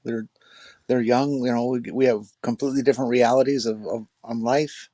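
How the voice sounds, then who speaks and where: A man chatting casually on a podcast, speaking in a halting, hesitant way. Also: mid-range voice, fairly even intonation, dark tone, no room sound. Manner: hesitant, halting, full of fillers. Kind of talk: casual chat.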